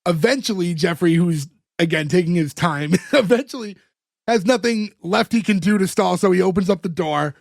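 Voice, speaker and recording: High-voiced man recapping a sitcom episode. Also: lively intonation, moderate pace, vocal fry, no echo, studio quality. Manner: rambling, fillers and chuckles while retelling scenes. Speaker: podcast co-host. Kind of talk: casual chat recapping an episode.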